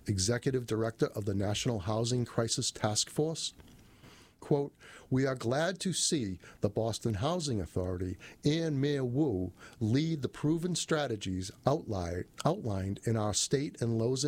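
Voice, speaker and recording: A man reading a city news release aloud in a steady manner, lifting his voice for quoted passages and correcting his own slips. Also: mid-range voice, slightly rough. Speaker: reader of a city press release.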